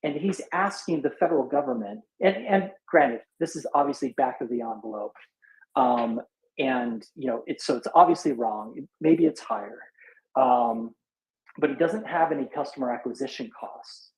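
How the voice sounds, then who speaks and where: Gravelly-voiced man thinking out loud. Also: mid-range voice, expressive. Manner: halting, thinks aloud with many fillers and restarts. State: tired after a sleepless night. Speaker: speaker in a live audio chat room. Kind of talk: casual back-of-envelope reasoning. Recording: echoey room.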